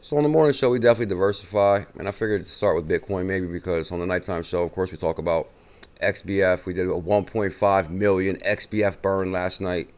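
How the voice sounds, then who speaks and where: A man hosting a casual crypto news show, reacting excitedly and repeating figures from a clip he plays. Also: sits low, quick pace, smooth. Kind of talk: casual chat.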